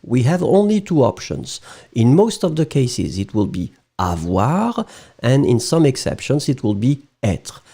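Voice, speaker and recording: A native French speaker with a French accent teaches French in a playful, chatty live-streamed lesson, frequently checking in with his students. His voice is mid-range, warm and husky, with big pitch swings and a slightly slow pace.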